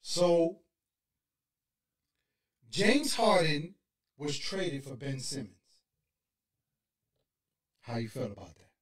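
A man with a New York accent keeps the podcast chat moving, laid-back and quick to swear. His voice is fairly high and lively, set in an echoey room with the mic some way off. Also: distant mic. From Brooklyn, New York. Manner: steers the talk, laid-back, profane. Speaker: podcast host. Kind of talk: casual podcast banter.

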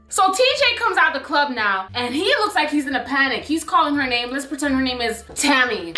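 A young woman telling a storytime vlog in an animated, profane, sassy manner. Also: sits high, fairly quick, few pauses. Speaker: YouTuber storyteller. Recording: roomy echo.

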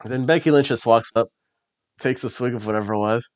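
A man hosting a casual wrestling review, chatty and animated with lots of fillers. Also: mid-range voice, fast, no echo. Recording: dull, dry lo-fi recording.

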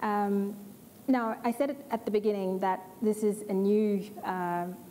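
A woman from Australia moderates a conference panel with a warm, mellow tone and brisk, upbeat hand-offs. The hall adds a long reverb and a faint noise bed. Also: mid-range voice, steady tone.

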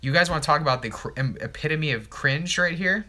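A man's voice: on the high side, expressive, brisk, very noisy. A man hosting a casual livestream, joking and mocking himself with lots of swearing while he cooks. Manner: profane, joking, self-mocking.

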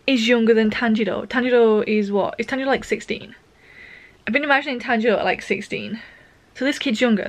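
Excitable woman reacting aloud. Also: on the high side. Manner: excitable, gasping, laughing, swearing. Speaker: vlogger. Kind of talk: reading reaction vlog.

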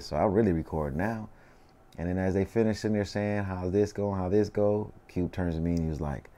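A man in his thirties with a Southern Californian accent, telling stories in a relaxed, slangy way during a casual interview, full of "you know what I mean". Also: sits low, brisk. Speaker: interview guest, rapper.

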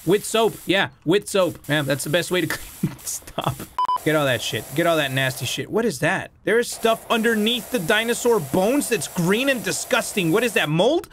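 A man giving casual, joking commentary while playing a cleaning game, excitable and talking to the objects on screen, mixing Spanish words into his English. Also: high voice, a little hiss or hum. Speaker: gaming video creator.

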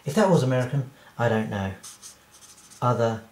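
A man's voice: medium pitch, lively intonation, moderate pace, a little mellow. A man, a cartoonist, talking through a casual drawing tutorial in a rambling, self-deprecating way and laughing at his own jokes. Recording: roomy echo.

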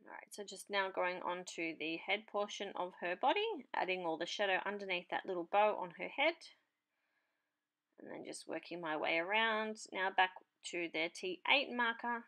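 A woman's voice: fairly low pitch, fairly bright tone. A woman hosting a papercraft channel, chatting casually as she explains her marker colouring in a tutorial voice-over. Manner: chatty, unhurried, talks while working.

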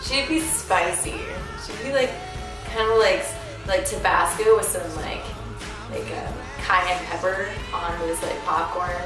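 A woman's voice: lowish voice, a little slow. A young woman giving a gushing, giggly birthday message to a friend, with lots of "um" and "like". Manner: gushing, giggly, full of fillers. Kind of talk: casual birthday video message. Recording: very echoey room, far from the mic, music playing.

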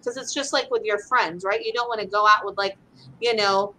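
A woman's voice: mid-range voice, brisk, pushed and bright, a little hiss or hum, rough recording. A woman from the US West Coast, an animal communicator, chatting casually and filling her talk with "like" and "right?". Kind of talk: casual chat.

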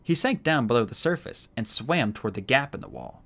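An audiobook narrator reading a children's fantasy novel aloud with expressive delivery. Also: mid-range voice, a little fast.

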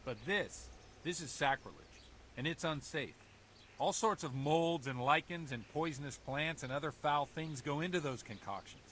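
An actor playing a worried, stern village priest in a video game, speaking in an earnest, preachy way. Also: male voice, a little high, normal speed, fairly bright tone, slight background noise, close to an everyday voice. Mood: grave. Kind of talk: game character dialogue.

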